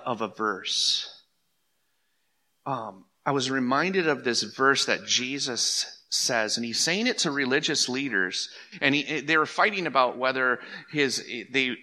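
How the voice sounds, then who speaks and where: A man's voice: medium pitch, pushed and bright. A middle-aged man preaching a sermon in a church, earnest and conversational, often restarting phrases and rising to emphatic peaks. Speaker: pastor. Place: church sanctuary.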